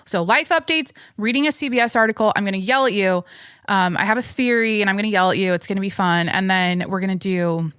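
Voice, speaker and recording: A woman's voice: medium pitch, fast talker, fairly bright tone, clear, resonant tone, dry recording, clean studio sound. A young pregnant woman hosting her own podcast, talking in a rambling, chatty way with many restarts and small laughs. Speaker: podcast host. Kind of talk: casual solo podcast chat.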